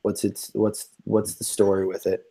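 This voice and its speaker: A man's voice: fairly low pitch, monotone, normal speed, mellow, breathy edge. Man, podcast host, casual chat, rambling, lots of fillers. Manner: chatty, rambling, many fillers.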